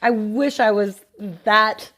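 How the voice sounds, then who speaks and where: A woman podcast co-host in casual chat, reacting to a story with quick, dry asides and short agreements. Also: medium pitch, fairly even intonation, fairly bright tone.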